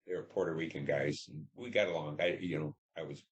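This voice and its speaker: Older guy from detroit, super low voice, slow halting war stories, lots of uhs. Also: fairly even intonation, lo-fi sound. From Detroit, Michigan. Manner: halting, reflective storytelling with many fillers. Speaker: Vietnam veteran interviewee. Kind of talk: oral history interview.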